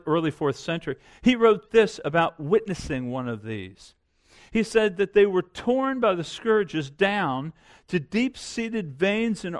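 Animated high-voiced male preacher. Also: no echo, clean studio sound. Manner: animated storytelling, acting out quoted lines; explanatory, with frequent "I mean" and "you know". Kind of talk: sermon.

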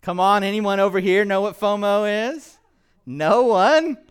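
Male pastor, sermon delivery, animated, quizzes the room, fairly high, resonant voice. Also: unhurried, smooth. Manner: animated, quizzes the congregation with questions. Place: church, in front of a congregation.

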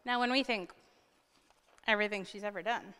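A woman preacher retelling a scripture story in an animated, dramatic sermon style. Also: mid-range voice, a little fast, clean tone, big-room sound.

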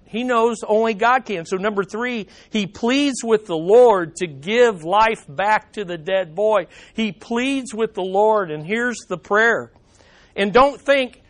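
A male pastor preaching a sermon with passion, swinging between loud emphasis and hushed drops, asking the congregation questions and adding playful asides. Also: sits high.

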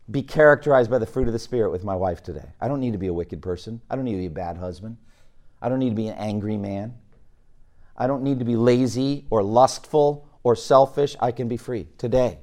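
A middle-aged man preaching a sermon, animated, rising loud for emphasis and dropping low.

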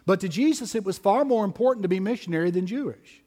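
A man preaching with slow, deliberate emphasis, leaning hard on key words. His voice is pitched high for a man. A long reverb hangs around him as if he stands in a large hall. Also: lively intonation, mellow. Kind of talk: expository sermon.

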